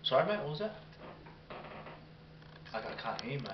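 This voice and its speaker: A man's voice: medium pitch, very animated, moderate pace. A young man hams it up as a mock interviewer in a comedy skit, leaning on "mate" at every turn. He sounds a step away from the mic, with room echo around him. The sound is a little dull, with faint hiss underneath. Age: young adult. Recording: roomy, distant, dull, with background hiss.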